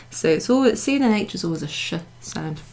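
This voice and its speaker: A woman's voice: lowish voice, expressive, moderate pace, vocal fry, a little mellow. A woman teaching a beginners' French class, explaining patiently step by step and repeating her examples. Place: pub function room, classroom class.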